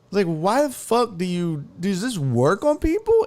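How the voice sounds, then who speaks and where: A man's voice: high-pitched, huge pitch swings, normal speed, a little mellow. A man hosting a casual sports show, ranting and rambling with lots of swearing. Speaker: sports podcast host.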